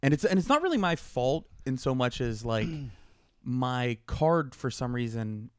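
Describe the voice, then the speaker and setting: A man's voice: mid-range voice, very animated, a little slow, clear, resonant tone, dry recording, clean studio sound. A man co-hosting a casual podcast, telling a story and acting out both sides of a phone call. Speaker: podcast co-host.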